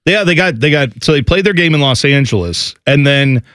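A man hosting a casual talk show, animated and jokey, rambling through his points with plenty of asides. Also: a little high, a little fast, no echo, clean studio sound. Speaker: podcast host. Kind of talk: casual chat.

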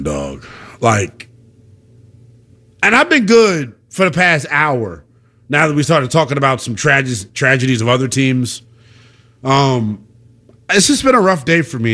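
A young man hosting a call-in sports radio show, ranting in a slangy, animated way. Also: medium pitch. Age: young adult.

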